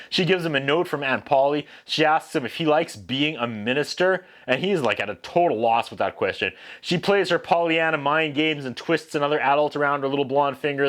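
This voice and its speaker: A man's voice: fairly high pitch, a bit bright. A man hosting a casual, comedic movie recap, with lots of sarcastic, wry asides. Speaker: film reviewer host.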